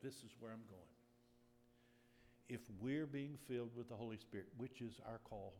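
A man pastor telling a personal story in a sermon, moving from relaxed storytelling to emphatic preaching. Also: mid-range voice, moderate pace, long pauses. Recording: echoey hall with faint noise.

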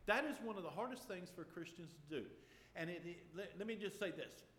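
A male pastor telling a personal story in a sermon, earnest, with sudden loud bursts when he acts out voices. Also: sits high, lively intonation, fairly quick. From Ukraine. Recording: long hall reverb.

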